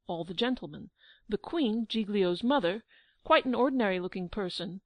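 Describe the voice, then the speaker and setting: A woman's voice: medium pitch, no room sound. Woman reading a children's story. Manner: lively storytelling, acting out the quotes. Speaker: audiobook narrator. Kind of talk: children's audiobook narration.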